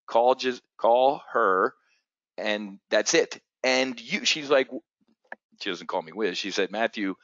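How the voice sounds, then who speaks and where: A man's voice: lowish voice, fairly bright tone, no echo, lo-fi sound. Blunt, profane man ranting. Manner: blunt, profane, agitated rants with many restarts. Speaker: trading show host. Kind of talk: unscripted market commentary.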